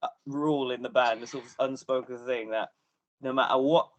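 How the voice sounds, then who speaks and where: A man, a band member explaining band habits in a relaxed, wry way during a radio interview. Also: mid-range voice, brisk. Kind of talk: casual chat.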